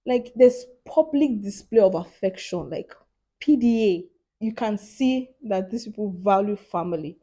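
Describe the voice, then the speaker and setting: A woman's voice: mid-range voice, unhurried. A young woman, chatting animatedly in a casual vlog, laughing often and filling her talk with "like". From Africa. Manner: animated, laughing, lots of "like" fillers. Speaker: vlogger.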